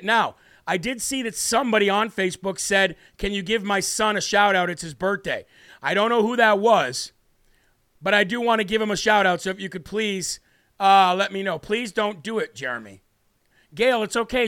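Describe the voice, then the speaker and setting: A man's voice: high-pitched, fairly bright tone, clean tone, no echo, clean studio sound. A man hosting a live political talk show, brash and combative, with mocking asides to viewers. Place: home studio.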